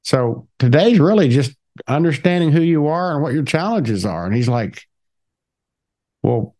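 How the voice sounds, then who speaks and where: A middle-aged man swapping sales stories in a relaxed chat. He talks with lively ups and downs in his voice. He slips in and out of the people in his stories. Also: fairly high pitch, a little slow. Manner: animated, acts out both sides of his stories. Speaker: podcast co-host. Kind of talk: casual storytelling chat.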